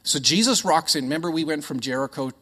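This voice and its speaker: A middle-aged Canadian man preaching a sermon in a chatty, joking, animated storytelling way. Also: on the high side, fast talker. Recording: echoey hall.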